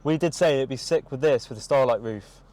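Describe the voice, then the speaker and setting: A young man talks quickly and excitedly, tumbling through casual slang as he shows off a car. He sits inside the car, speaking to a camera that someone else holds. His pitch sits in a middling range. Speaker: car vlogger. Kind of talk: excited car review vlog. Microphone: camera held by someone else.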